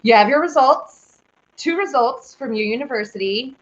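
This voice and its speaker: A woman's voice: sits high, normal speed. A young woman hosting a casual live stream, reading viewer comments and chatting in a bubbly, rambling way. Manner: bubbly, squeals with excitement, rambling. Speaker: live-stream host and singer. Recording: dull lo-fi stream audio.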